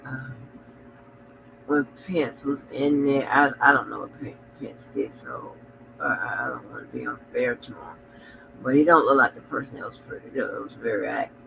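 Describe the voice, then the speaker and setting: A man's voice: medium pitch, fairly even intonation, normal speed, vocal fry, highs cut off. Sleepy guy rambling on his livestream, keeps mumbling off, lots of background noise. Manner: rambling, drowsy, trails off into mumbles. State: very sleepy, yawning. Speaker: livestream host. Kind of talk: casual livestream commentary.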